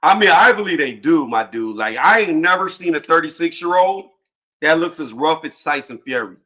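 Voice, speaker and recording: A man hosting a casual boxing livestream panel, joking loudly and cursing, with frequent laughs and trash talk. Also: fairly high pitch, animated, moderate pace.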